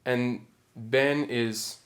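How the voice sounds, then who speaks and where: A man's voice: medium pitch, steady tone, very slow, fairly bright tone. A man teaching a singing diction lesson, explaining patiently step by step. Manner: patient, instructive.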